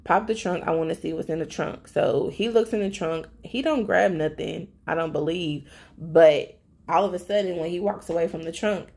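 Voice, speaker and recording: A woman chatting casually as she recaps a TV episode, talking straight to her viewers in a lively storytelling way. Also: lowish voice, vocal fry. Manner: chatty, addresses viewers directly; animated storytelling. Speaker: TV recap vlogger.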